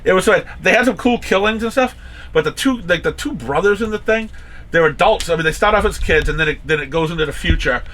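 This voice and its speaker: Chatty man with a bright voice. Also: high voice, expressive, quick pace, slight background noise. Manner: rambling, with many restarts and acted-out quotes. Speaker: comic shop owner and podcast host. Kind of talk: casual chat.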